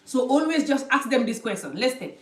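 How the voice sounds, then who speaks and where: A woman talks straight to the viewer in a scolding, emphatic lecture. Her voice sits a little high. She is recorded from some distance in a room with a noticeable echo. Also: big pitch swings, a little fast. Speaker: vlogger giving advice. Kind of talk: direct-to-camera lecture. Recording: roomy, distant from mic.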